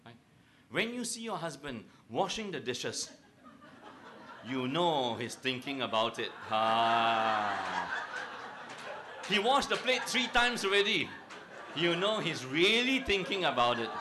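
A man's voice: fairly high pitch, slight background noise. A middle-aged man preaching a humorous sermon, joking with and teasing his audience and asking them questions. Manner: joking, teasing, animated, asks the crowd questions. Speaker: pastor.

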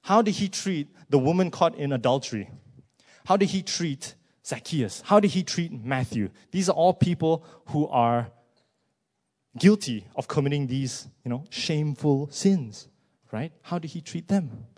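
A man preaching a sermon, asking many rhetorical questions and moving between hushed words and loud rising emphasis. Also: fairly high pitch, expressive, a little slow.

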